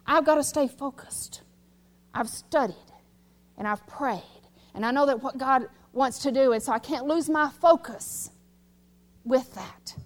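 High-voiced woman preaching emphatically. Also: measured pace, pauses often. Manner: emphatic, rising to loud exhortation. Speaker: pastor. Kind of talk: sermon. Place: church sanctuary.

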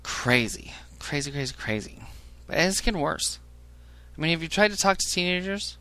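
A man's voice: expressive, moderate pace, bright, forceful tone, no echo. A man hosting a casual podcast, swearing a lot and ranting about callers from his phone job. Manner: profane, ranting, mimics callers in a high voice. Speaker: podcast host; phone service worker. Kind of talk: casual crude chat.

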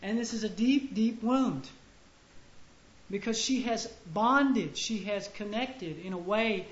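A man giving a sermon to a room of men, conversational and halting, with frequent restarts and punchy stresses. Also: high voice. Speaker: preacher. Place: room with an audience. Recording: echoey, muffled room recording with faint ambience.

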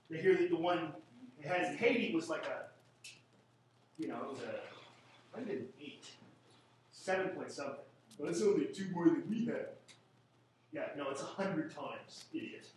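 A man's voice: sits high, a bit bright, a little hiss or hum. A man from Canada giving a classroom statistics lecture, rambling and joking with sarcastic asides. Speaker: statistics teacher. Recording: echoey room from a distant mic.

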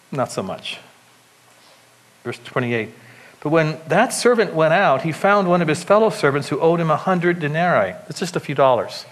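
A man preaching a sermon to a congregation, reading scripture and breaking into animated, joking asides with frequent restarts. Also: on the high side, moderate pace. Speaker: pastor.

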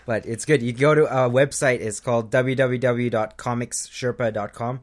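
Brief: man, mid-range voice, dry deadpan humor, casual podcast talk. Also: medium pitch, moderate pace, a little hiss or hum. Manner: dry, self-deprecating jokes. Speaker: podcast co-host, comic artist. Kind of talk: casual banter.

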